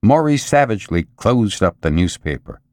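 A man narrates a novel with expressive, dramatic storytelling. His low voice rises and falls in a lively way. The recording is close and dry. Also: normal speed, no room sound. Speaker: audiobook narrator. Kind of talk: scripted narration.

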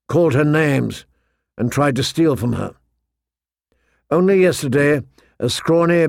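Gravelly male audiobook narrator. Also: medium pitch, no room sound, studio quality.

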